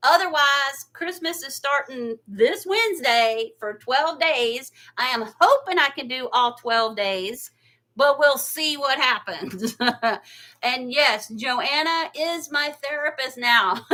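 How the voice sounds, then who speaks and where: A woman's voice: on the high side, pushed and bright. A woman hosting a casual craft livestream, chatty and gushing, laughing often and close to tears. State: near tears. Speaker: craft channel host.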